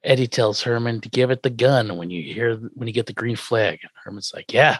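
A man casually recapping an old sitcom episode with co-hosts, acting out characters' lines in quick put-on voices and laughing often. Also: mid-range voice, no room sound. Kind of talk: casual chat.

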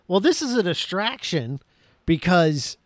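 A high-pitched man talks through an old film with a co-host, his voice swinging up and down as he mocks the plot. The sound is close and dry, with no room around it. He is sarcastic and laughs easily. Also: a little slow, no room sound. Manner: animated, sarcastic, laughs often. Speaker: podcast co-host. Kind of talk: casual movie review chat.

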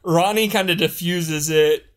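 A man's voice: fairly high pitch, a little slow. A man co-hosting a casual podcast, blunt and sardonic, with frequent swearing. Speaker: podcast co-host.

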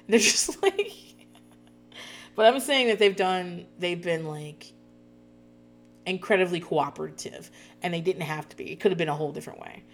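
A woman in her thirties chatting casually as a podcast host, profane and quick to laugh. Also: lowish voice. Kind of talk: casual chat recapping a reality show.

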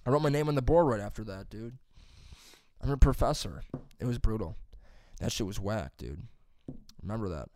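A young man telling a rambling high school story on a podcast, swearing freely and saying "dude" and "like" constantly. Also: expressive, normal speed, pauses often, a little mellow. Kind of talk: casual storytelling chat.

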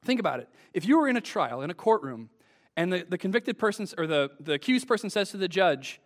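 Male preacher, high voice, earnest sermon delivery with emphatic swells. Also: sing-song, a little fast. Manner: earnest, rising to emphatic peaks.

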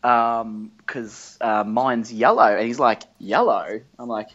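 A man's voice: mid-range voice, level tone, slow, a bit bright. Rambling guy, lo-fi sound. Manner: rambling, acts out quoted dialogue, swears freely. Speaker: podcast co-host. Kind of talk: casual storytelling chat. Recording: dull lo-fi recording.

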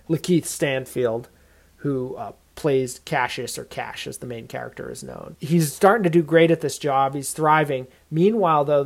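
A man's voice: medium pitch, gravelly. Casual man hosting a podcast. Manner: conversational, loose, with frequent "like" and "uh". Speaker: podcast host. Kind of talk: casual spoken film review.

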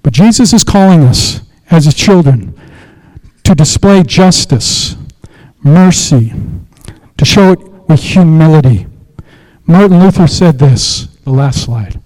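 A man's voice: a little high, lively intonation, measured pace, a little mellow, rough recording. A middle-aged man preaching a sermon, telling a personal story in a conversational way and then praying aloud. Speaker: pastor.

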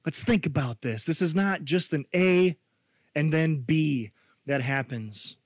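Conversational, high-voiced male preacher. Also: measured pace, dry recording. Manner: conversational, animated, rhetorical questions. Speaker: pastor. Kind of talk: sermon.

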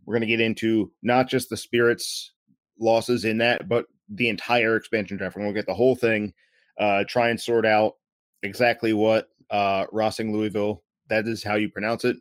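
A man's voice: lowish voice, no echo. A man hosting a casual podcast, talking in a rambling way with many fillers and restarts over a remote call. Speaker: podcast host.

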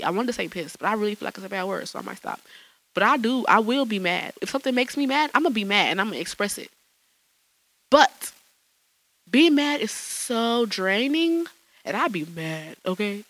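Solo podcast host, woman, gravelly and bright, loose chatty delivery with frequent laughs. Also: on the low side, poor audio. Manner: chatty, laughs often, casual slang. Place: small home studio.

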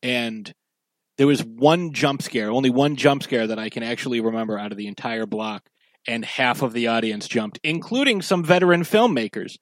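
Relaxed man hosting a horror podcast. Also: medium pitch, moderate pace, no echo. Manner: relaxed, filler-heavy with frequent "uh". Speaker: podcast co-host. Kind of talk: casual podcast chat.

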